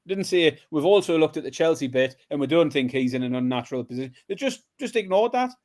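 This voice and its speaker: A man co-hosting a podcast, talking casually with plenty of exasperation. His voice sits a little high, and he leans hard on his complaints. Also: animated, fast, darkish tone. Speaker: podcast co-host. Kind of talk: casual chat.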